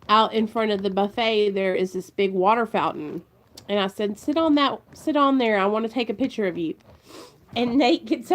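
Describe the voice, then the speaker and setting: A woman's voice: a little high, slight background noise. Emotional young woman with a twang. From Ohio. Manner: emotional, earnest, rambling, says "you guys" often. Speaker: vlogger. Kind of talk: casual heartfelt chat to camera.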